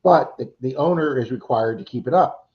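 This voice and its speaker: A man hosting a casual livestream chat, telling animated stories and acting out the people he quotes. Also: medium pitch, moderate pace, dull audio. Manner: animated storyteller, acts out quoted voices. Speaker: livestream host. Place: Florida.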